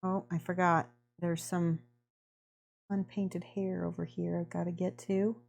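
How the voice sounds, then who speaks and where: A woman's voice: fairly low pitch, little pitch movement, measured pace, vocal fry, darkish tone, slight background noise. A woman hosting a miniature painting livestream, chatting effusively and thanking viewers by name while she works.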